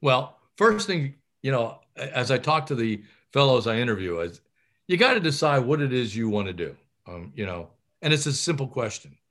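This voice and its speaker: A middle-aged male surgeon gives advice in an interview. His voice sits at an ordinary pitch. He talks with high energy, full of fillers and self-corrections. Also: moderate pace. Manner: animated, energetic, with frequent fillers and restarts.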